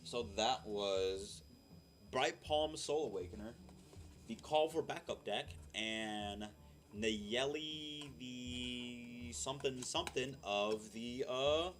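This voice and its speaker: A young man, a streamer, chatting casually and rambling with lots of fillers in a deep voice. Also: slow pace, a bit bright, a little hiss or hum. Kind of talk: casual chat. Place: home room. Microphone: desk mic.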